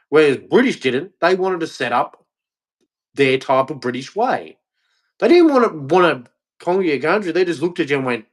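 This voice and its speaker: A man's voice: a little high, very animated, moderate pace, slightly rough. An Australian man delivering a heated, blunt opinion rant, repeating himself and swearing. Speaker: vlogger.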